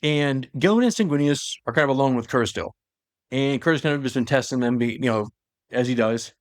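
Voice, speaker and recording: A man's voice: mid-range voice, no echo. Give me a young man rambling through a story recap in casual chat, dry and close. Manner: rambling, loose, with fillers and quick asides. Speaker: podcast co-host.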